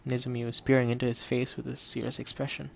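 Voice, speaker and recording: A man narrates an audiobook at a steady, measured pace. His mid-range voice carries a gravelly texture, and he keeps the characters' lines quiet rather than theatrical. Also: mid-range voice, slight background noise.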